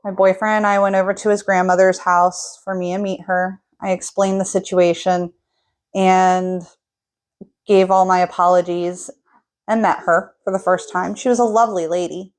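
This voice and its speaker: A woman's voice: lowish voice, moderate pace. Young woman telling a story from her life, chatty, gets fired up retelling the fight. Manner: animated, voice rises when recounting arguments. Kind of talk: casual personal storytelling.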